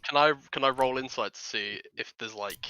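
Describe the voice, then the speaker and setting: A man playing a tabletop game, speaking in a relaxed, matter-of-fact way. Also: medium pitch, normal speed, clean tone, lo-fi sound. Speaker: player. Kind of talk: casual tabletop play.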